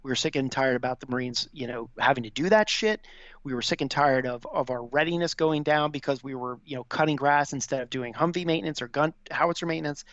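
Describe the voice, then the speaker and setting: A veteran in his fifties, appearing as a podcast guest, tells a casual, profane story and acts out the people he quotes. His mid-range voice is a bit bright and fast, with no echo, on dry, slightly dull audio.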